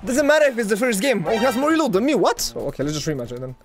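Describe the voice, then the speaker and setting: A man giving excitable live commentary over his own gameplay, talking to his viewers and swinging from loud hype to low muttering. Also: racing, music in the background. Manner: talks to viewers as "guys". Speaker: gaming video creator.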